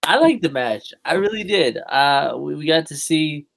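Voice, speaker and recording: A man co-hosts a wrestling podcast, chatting casually and rambling with plenty of fillers and restarts. His voice is fairly high and a bit bright, expressive, with vocal fry and a moderate pace.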